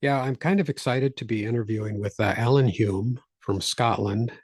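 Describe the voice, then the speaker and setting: An American man co-hosts a casual gaming podcast, rambling and chatty. He speaks at a medium pitch, recorded close and dry with no room sound. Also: moderate pace, a little mellow, husky, dry recording. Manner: rambling, chatty, prone to joke accents. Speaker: podcast co-host.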